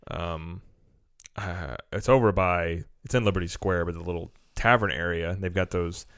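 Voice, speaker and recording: A man co-hosting a casual chat, joking in a deadpan way. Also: sits low, moderate pace, clean tone, dry recording, studio quality. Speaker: podcast co-host.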